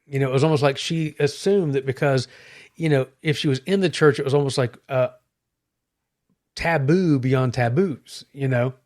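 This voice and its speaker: A man co-hosting a Christian podcast, speaking earnestly and reflectively, slowing down on key points. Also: medium pitch, darkish tone. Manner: earnest, reflective, slow emphasis. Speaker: podcast co-host, Christian minister. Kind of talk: casual chat.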